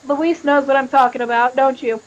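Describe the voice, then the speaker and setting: A woman's voice: high voice, fairly even intonation, brisk, muffled recording. A woman talking candidly and emotionally on a live stream, swearing often as she tells her story. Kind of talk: confessional live-stream chat.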